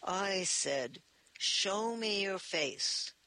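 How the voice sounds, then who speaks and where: A man voicing a seething male crewman who speaks slowly and insistently. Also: sits high, animated, pushed and bright, heavily acted, rough recording. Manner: slow, insistent.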